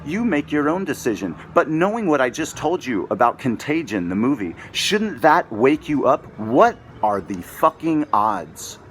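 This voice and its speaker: A man's voice: a little high, sing-song, moderate pace, hardly any pauses, slight background noise. Angry, profane middle-aged man ranting. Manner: angry, profane, repetitive, hectoring. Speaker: video blogger. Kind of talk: ranting monologue to camera.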